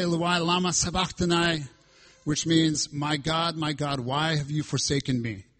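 A man's voice: a little high, slightly rough. A male pastor preaching a sermon, reading scripture aloud and stressing lines with dramatic emphasis.

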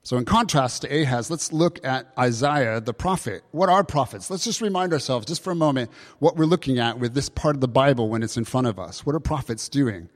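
A man preaching a sermon, explaining scripture with lively emphasis and rhetorical questions. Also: medium pitch, brisk, hardly any pauses. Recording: long hall reverb.

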